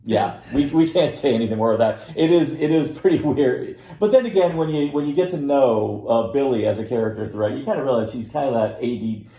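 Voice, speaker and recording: A man's voice: mid-range voice, lively intonation, a little fast, hardly any pauses, dark tone. A man co-hosting a casual film podcast, talking in a rambling way with many restarts. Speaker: podcast co-host reviewing films. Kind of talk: casual chat. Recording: echoey room.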